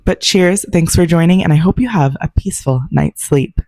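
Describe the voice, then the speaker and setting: A woman's voice: fairly low pitch, normal speed, dark tone. A woman hosting a podcast, reading listener ghost stories aloud and adding chatty, wry comments of her own. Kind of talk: narrating ghost stories with casual asides.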